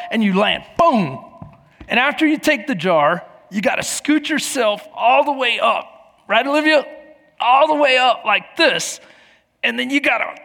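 A man in his forties preaching a sermon as pastor, telling stories with lively acted-out voices and shouts. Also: very high-pitched, creaky, long reverb tail. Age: 40s. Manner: animated storytelling, acting out voices and shouts. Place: church.

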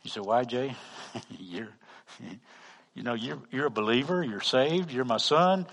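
Texan man, pastor, storytelling sermon, swings loud to hushed, long hall reverb. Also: mid-range voice, unhurried, pauses often, breathy edge. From Texas. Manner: animated, acts out dialogue, swings from loud to hushed. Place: church hall.

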